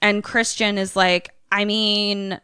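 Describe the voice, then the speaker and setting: A woman's voice: medium pitch, slow, smooth, dry recording, clean studio sound. A young adult woman, a podcast co-host, casually recapping a film and acting out the characters' lines. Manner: animated storyteller, acts out characters' lines.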